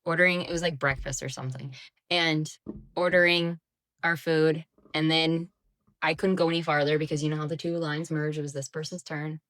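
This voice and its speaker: A woman's voice: deep voice, level tone, fairly quick. A woman co-hosting a podcast, telling a story in a chatty, laughing way full of fillers. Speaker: podcast co-host. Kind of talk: casual chat, storytelling.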